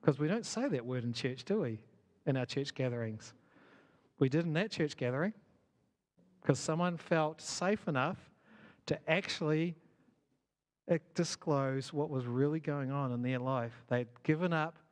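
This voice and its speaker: A man's voice: a little high, measured pace. A man giving a conversational talk to a church gathering as a church leader, asking the audience questions and poking fun at himself. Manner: conversational, self-deprecating, asks the audience questions. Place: church hall.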